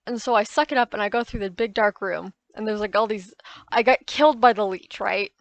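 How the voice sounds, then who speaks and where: A woman's voice: mid-range voice, brisk, no room sound, dull audio. Woman gamer doing a casual, self-correcting voice-over. Close mic, dry and plain. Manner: rambling, self-correcting, recounting frustrations. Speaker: gaming YouTuber. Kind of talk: casual gameplay voice-over commentary.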